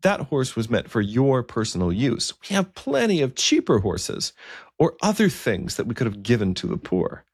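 A man's voice: mid-range voice, sing-song, moderate pace, breathy edge, dry recording, studio quality, voice pushed up. A man voicing a young, humble king who questions his bishop earnestly. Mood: puzzled.

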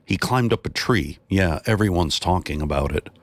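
A man's voice: low voice, animated, moderate pace, no echo. A man reading a story aloud, playing a blunt, curious woman friend who asks pointed questions. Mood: inquisitive.

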